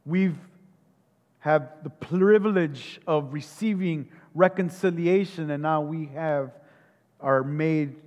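High-pitched male pastor, slow deliberate sermon, emphatic, rhetorical questions, long church reverb. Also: a little mellow. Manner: rhetorical questions, emphatic repetition, frequent restarts.

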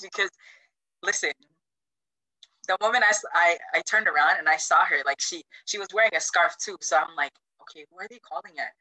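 Woman from Chuuk, animated storytelling, bright, dry close sound. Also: quick pace, no echo, low-quality recording. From Chuuk, Micronesia. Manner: animated, acts out quotes with big pitch jumps, many "like" fillers. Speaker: storyteller on a video call panel. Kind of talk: casual storytelling. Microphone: video call.

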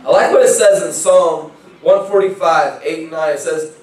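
High-voiced pastor in an echoey church. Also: male voice, normal speed, recorded from a distance. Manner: conversational, repeats words when starting phrases. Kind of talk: sermon. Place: church sanctuary.

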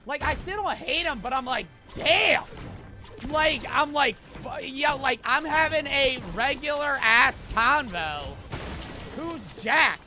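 A man's voice: very high-pitched, animated, a little slow, sharp tone, faint music behind. A man in his twenties streaming a game, telling a rambling story between profane trash talk. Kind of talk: casual storytelling while gaming.

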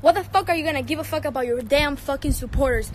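A teenage singer from Cuba speaks English with a Cuban Spanish accent, her voice pitched high. She rants in a heated, profane, confrontational way, firing back at someone over a livestream, with faint noise behind her. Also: fast talker, poor audio. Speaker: singer and social media personality.

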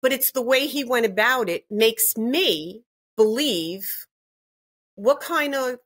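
A woman's voice: fairly high pitch, animated, takes it slowly, fairly bright tone. An older woman and grandmother giving an interview, talking emphatically and indignantly, often repeating herself. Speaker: interview guest.

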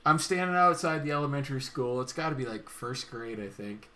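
A man's voice: mid-range voice, expressive, a little fast, a crowd in the background. A man telling a casual story on a podcast, laughing as he goes. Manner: amused, laughing while telling an anecdote. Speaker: podcast guest.

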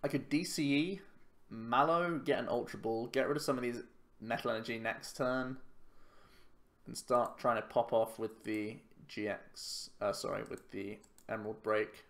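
A man's voice: mid-range voice, normal speed, a bit bright. Chatty man thinking aloud over a game. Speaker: YouTube card game player. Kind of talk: casual gameplay commentary.

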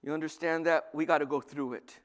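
Man, pastor, sermon, high voice, lively, loud-then-soft delivery. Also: a little fast. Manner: lively, swings from loud bursts to soft asides.

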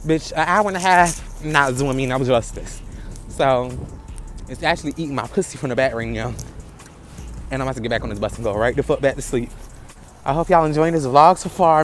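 A man with a somewhat high voice vlogs from a parking lot into the phone he holds out in front of him. He talks straight to his viewers, brash and theatrical, swearing freely. Faint traffic hum runs behind him. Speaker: vlogger. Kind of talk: casual travel vlog to camera. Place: outdoors in a bus station parking lot.

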